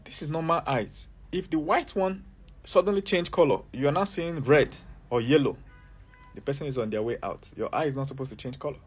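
Husky guy doing a health advice vid, super emphatic, keeps going "you see?". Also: a little high, fairly quick, muffled recording. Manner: emphatic and repetitive, keeps asking the viewer to look and listen. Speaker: herbalist giving health advice. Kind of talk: direct-to-camera advice video.

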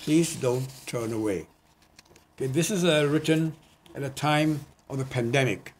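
A man, a poet, reading his own poems in an earnest, measured way, with hesitant spoken asides between them. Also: medium pitch, a little hiss or hum. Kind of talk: poetry reading. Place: community TV studio.

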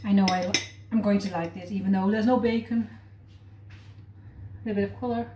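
A woman's voice: medium pitch, fairly even intonation, fairly quick, roomy sound, background noise. A woman cooking-vlog host, chatting casually and thinking aloud as she tastes her food in a home kitchen. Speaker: cooking vlogger.

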